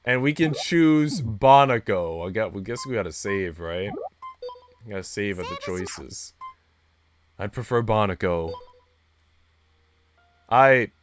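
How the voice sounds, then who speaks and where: A man streaming himself reading a visual novel aloud, expressive and reacting out loud between lines. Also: fairly low pitch, a little slow, slight background noise. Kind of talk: dramatic read-aloud with commentary.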